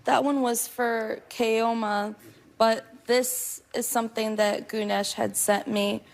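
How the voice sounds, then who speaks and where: A woman's voice: fairly high pitch, steady tone, slow, creaky. A woman guest on a TV talk show, earnestly gushing about her fiancé and laughing easily.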